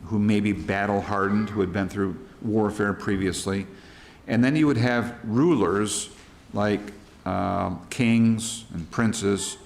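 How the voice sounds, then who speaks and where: A man's voice: lowish voice, vocal fry. A middle-aged American man leading a church Bible study, talking through worksheet questions in a plain, conversational way and retelling scripture in everyday words. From United States.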